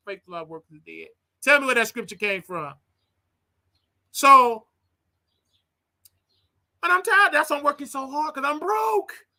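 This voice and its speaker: A man with a bright, forceful voice, hosting his own livestream. He rants to his viewers in an animated, preachy, jokey way, jumping from quiet asides to loud outbursts. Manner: animated, preachy, jokey, with wild swings in pitch and volume. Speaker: host. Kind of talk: solo livestream rant.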